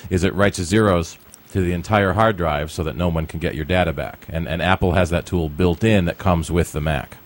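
A man's voice: low-pitched, fairly even intonation, normal speed. A man co-hosting a casual radio tech show, giving matter-of-fact technical explanations and repeating words as he goes. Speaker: tech expert co-host. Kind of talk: casual radio call-in chat.

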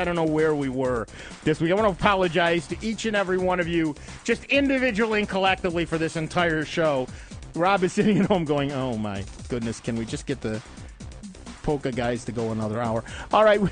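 A man's voice: sits high, fairly bright tone. A middle-aged man hosting a radio show, telling stories in casual on-air chat, laughing often and poking fun at himself. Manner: chatty storyteller, laughs often, self-deprecating. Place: radio studio. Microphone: studio microphone.

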